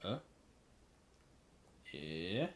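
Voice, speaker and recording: A man's voice: low voice, very animated, drawn-out words, slight background noise. A man streaming a video game, making crude jokes and talking to himself and the characters. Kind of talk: casual gameplay commentary. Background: faint game music.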